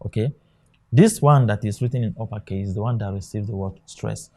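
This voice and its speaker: A man gives an exam lesson in a mellow, warm voice. He walks through examples on a board, stopping often to say "okay" and check that students follow. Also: on the low side, a little fast. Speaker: exam tutor. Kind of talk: classroom lecture.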